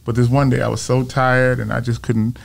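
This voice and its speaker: A filmmaker in his fifties, appearing as a guest on an interview show, shares personal stories in a relaxed, animated manner and imitates the voices of the people he quotes. His voice sits in the mid-range, moves fairly quickly, and carries some vocal fry.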